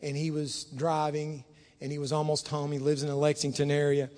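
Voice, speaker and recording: A man preaching a sermon in a church, moving between hushed, low passages and loud, fervent stretches. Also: completely flat delivery, fairly quick. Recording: long hall reverb.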